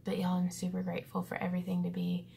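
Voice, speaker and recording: A pensive woman in her thirties talks to her viewers in a casual, reflective vlog, earnest and rambling with lots of fillers. Her fairly low voice is gravelly and mellow, fast and monotone, with a little hiss or hum in the background.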